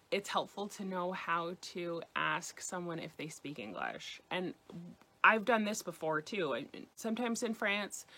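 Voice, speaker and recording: Woman, lowish voice, friendly language teacher who drills phrases by repetition. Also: a bit bright. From United States. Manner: chatty, repeats phrases slowly for practice. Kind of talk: casual spoken lesson.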